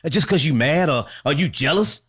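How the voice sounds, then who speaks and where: A man co-hosting a podcast, telling stories casually, animated and swearing freely. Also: a little high, brisk, slightly rough. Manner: animated, swearing, impersonates others. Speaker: podcast co-host. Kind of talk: casual chat, reminiscing.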